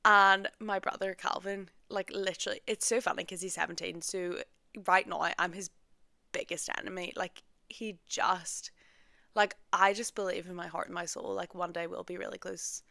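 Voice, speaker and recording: A woman's voice: lowish voice, steady tone, moderate pace, vocal fry, bright, forceful tone, no room sound, clean studio sound. A young woman, hosting a podcast in a chatty, self-deprecating way and saying "like" often. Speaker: podcast host. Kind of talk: casual solo podcast chat.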